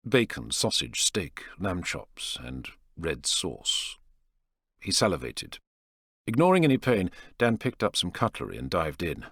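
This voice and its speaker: A male audiobook narrator with a very deep voice, reading in a measured storytelling manner. His delivery is lively, rising and falling through the lines. The sound is close and dry, with no room around it. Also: gravelly, slightly rough, no room sound. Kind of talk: scripted narration.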